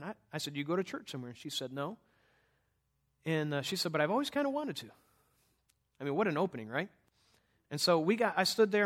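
A middle-aged man preaches a sermon in a church setting, his voice sitting a bit high for a man. He tells a story casually, with loose restarts and fillers, before turning to a plea. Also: fairly bright tone. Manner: conversational storytelling, halting restarts.

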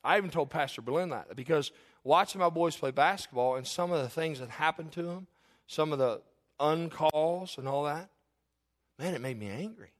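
A man's voice: fairly high pitch, lively intonation, moderate pace. A middle-aged male pastor preaching a sermon, conversational and candid, with rhetorical questions. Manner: confessional, candid storytelling.

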